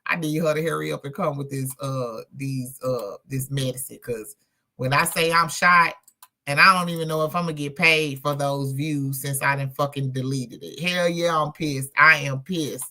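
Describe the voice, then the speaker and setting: This is a woman hosting a casual livestream who talks to her viewers like friends. Her delivery is blunt and loose, with plenty of swearing. The voice is gravelly, with a bright, forceful tone. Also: sits low, steady tone, normal speed. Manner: blunt and profane, talks straight to chat. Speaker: livestream host.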